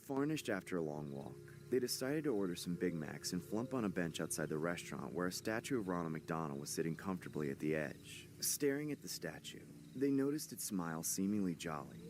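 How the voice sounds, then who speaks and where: A man's voice: sits low, noisy background. A man narrating a horror story in a dramatic scripted style. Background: music.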